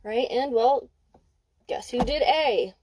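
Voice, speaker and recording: A young woman talks through a card reading in a loose, candid way, leaning hard on her points and swearing without hesitation. Her voice sits a little high yet sounds mellow and soft-edged. A dog barks somewhere behind her. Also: animated, takes it slowly, a little hiss or hum, low-quality recording. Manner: candid, swears freely, emphatic. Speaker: intuitive card reader. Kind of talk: casual spoken card reading. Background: dog barking.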